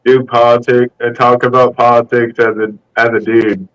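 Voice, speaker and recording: A man's voice: medium pitch, level tone, moderate pace, fairly bright tone, low-quality recording. A man on a comedy game show panel, joking in short, punchy bits. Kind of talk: casual chat.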